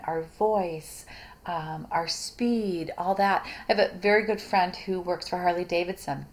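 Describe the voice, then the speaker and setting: A middle-aged woman gives a recorded lecture on communication. She speaks informally to her students and often stops to restart a phrase or add a filler. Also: medium pitch. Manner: conversational, many fillers and restarts. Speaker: communication instructor.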